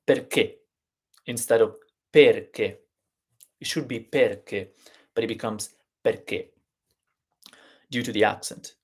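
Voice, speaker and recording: A man with an Italian accent, a native Italian speaker, teaching Italian pronunciation in a live stream and explaining patiently step by step. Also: fairly low pitch. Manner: unhurried, explains step by step, repeats words slowly.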